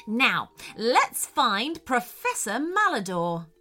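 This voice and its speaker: A woman doing a brisk, confident lady scientist. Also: on the high side, very animated, sharp tone, soft background music, heavily acted. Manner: confident, brisk, sometimes stern. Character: brisk, kind, stern female scientist hero.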